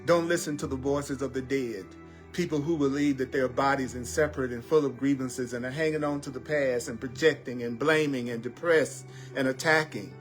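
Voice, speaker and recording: A man giving a spiritual teaching talk as a teacher, slowly and deliberately repeating affirmations. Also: medium pitch, fairly even intonation, faint music behind. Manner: slow, deliberate repetition of affirmations.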